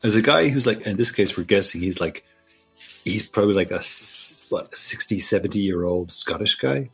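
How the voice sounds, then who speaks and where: A man's voice: fairly low pitch, normal speed, creaky, sharp tone, breathy edge. A man, rambling and laughing through a casual film commentary. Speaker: podcast guest. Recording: faint music behind.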